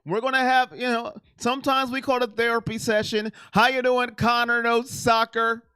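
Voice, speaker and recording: A man's voice: very high-pitched, moderate pace, clean tone, no room sound, studio quality. A middle-aged man hosting a casual sports live stream, chatting and reading viewer comments aloud. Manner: animated, reads chat aloud and reacts.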